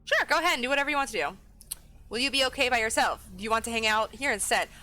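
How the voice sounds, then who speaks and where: A woman's voice: fairly high pitch, lively intonation, very fast, sharp tone. A woman streaming a horror game, chatting casually and thinking aloud as she plays. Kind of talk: casual let's-play commentary.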